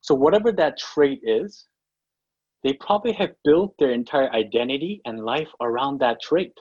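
A pastor telling a self-mocking story in a sermon, with many fillers and restarts. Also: male voice, medium pitch, expressive, moderate pace, slightly rough, no room sound. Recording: dull lo-fi recording.

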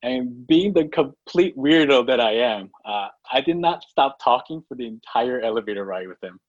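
A pastor telling a self-mocking story in a sermon, with many fillers and restarts. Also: male voice, mid-range voice, animated, normal speed, no room sound. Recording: dull lo-fi recording.

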